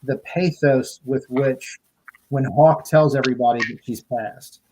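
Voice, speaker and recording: A man's voice: medium pitch, unhurried, darkish tone, a little hiss or hum, low-quality recording. A man chatting casually as a podcast co-host, gushing and emotional, often stammering and restarting his sentences. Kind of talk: casual enthusiastic chat.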